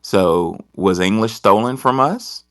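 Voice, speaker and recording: A man's voice: on the low side, slow, fairly bright tone, dry recording, studio quality. A man hosting a talk show, telling stories in a rambling way with many hesitations. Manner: rambling, hesitant, full of ums. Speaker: host. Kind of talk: casual talk-show discussion.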